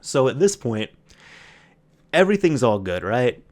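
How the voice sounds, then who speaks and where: Man telling a store story, animated. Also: medium pitch, measured pace. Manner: animated retelling with quoted voices, frequent restarts. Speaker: podcast host. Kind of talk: casual solo storytelling.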